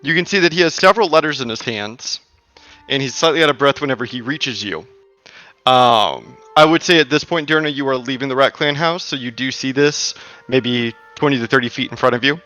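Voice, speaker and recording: A man narrating as game master in a tabletop game, casual and halting with many fillers. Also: medium pitch, pushed and bright, faint music behind.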